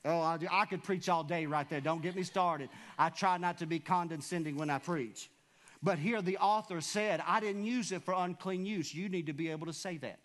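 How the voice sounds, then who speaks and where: A pastor preaching a sermon in a church, with emphatic repetition and questions to the congregation. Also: male voice, high voice, steady tone, normal speed, a bit bright. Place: church sanctuary.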